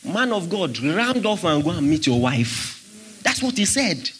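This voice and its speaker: A man's voice: fairly high pitch, sing-song, unhurried, a bit bright, breathy edge. A man preaching a sermon, emphatic and questioning his congregation as he teaches. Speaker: pastor.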